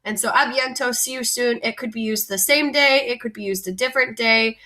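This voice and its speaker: Bright-voiced woman teaching vocabulary. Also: fairly high pitch, brisk. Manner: patient, explanatory, repeats and recaps. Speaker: French teacher. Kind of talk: classroom vocabulary lesson.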